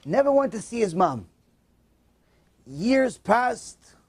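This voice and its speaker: Animated man telling a moral story. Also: high voice, slow, breathy edge. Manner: animated, acts out voices, emotional. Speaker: religious storyteller. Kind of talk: storytelling sermon.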